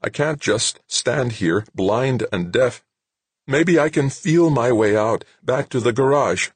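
A man's voice: medium pitch, expressive, takes it slowly, breathy edge, no echo, pitched above the performer's own voice. A man voicing a frightened young male soldier trapped blind in a suit, panicky and pleading. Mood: panicked.

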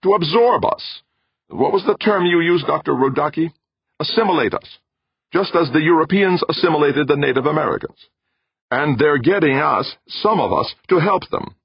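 Man playing a shrill, alarmist lanky diplomat. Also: lively intonation, moderate pace, husky, dry recording. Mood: alarmed, insistent. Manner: shrill, insistent, accusing. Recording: dull lo-fi, dry.

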